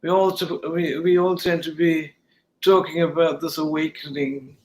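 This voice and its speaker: A man from the United States with a British-sounding accent, a guest talking hesitantly with many pauses. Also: a little high, flat delivery, slight background noise, poor audio. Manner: hesitant, many ums and restarts. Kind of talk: casual chat on a video call.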